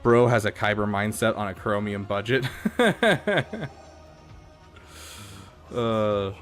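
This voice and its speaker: Low-voiced male streamer, chatty. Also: level tone, normal speed, faint music behind. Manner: chatty, thinks aloud, frequent fillers. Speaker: streamer reviewing game accounts. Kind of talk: casual live-stream commentary.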